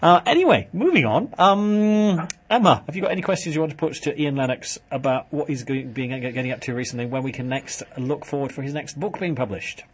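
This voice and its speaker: A man's voice: on the high side, animated, brisk, few pauses, slightly rough. A man hosting a radio talk show, joking and rambling with plenty of fillers. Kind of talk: casual banter on local radio.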